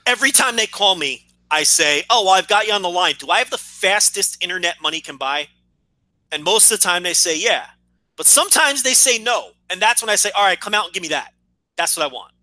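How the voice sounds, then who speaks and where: A man co-hosting a wrestling podcast in casual chat, blunt and opinionated, swearing as he goes. His voice sits high, with a very bright, forceful edge. The sound is dry and close. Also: animated, a little fast, dry recording, rough recording. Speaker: podcast co-host.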